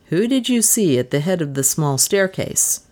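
A suspicious, commanding man presses a servant with firm, imperative questions, as a woman reader puts him on. The voice stays near the narrator's own, brisk and firm, as in an audiobook. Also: on the low side, big pitch swings, a little mellow.

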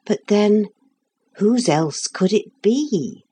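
A woman narrating a children's storybook with a gentle, expressive reading. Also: medium pitch, drawn-out words, slightly rough.

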